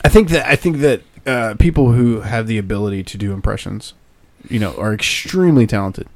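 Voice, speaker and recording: A married man hosting a podcast, telling stories in a lively casual chat and laughing often. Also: lowish voice, brisk, no echo. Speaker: podcast host.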